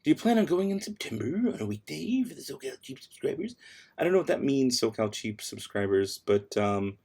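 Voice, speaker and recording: A man's voice: mid-range voice, sing-song, fairly quick, creaky, a little mellow, breathy edge. A man casually chatting on a late-night livestream at home, reading out viewer questions and answering with offhand sass. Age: adult with kids. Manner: offhand and sassy, answering chat between tasks. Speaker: livestream host.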